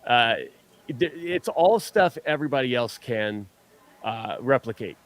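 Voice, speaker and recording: A man at an ordinary middle pitch talks in loose, rambling bursts, often stumbling and restarting his sentences. He is self-deprecating and easygoing as a guest on a fan show. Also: expressive, measured pace. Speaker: superfan guest. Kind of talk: casual chat.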